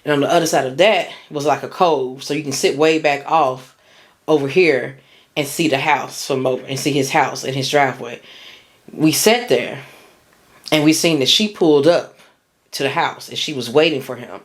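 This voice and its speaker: A woman's voice: deep voice, moderate pace. Woman rambling through a personal story. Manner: rambling, full of fillers and restarts, slangy.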